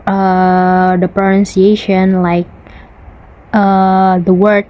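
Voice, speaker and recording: Slow, mellow-voiced young woman presenting. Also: mid-range voice, flat delivery, low-quality recording. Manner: halting, with frequent pauses and fillers; repeats example words to contrast them. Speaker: student presenter. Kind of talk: class presentation.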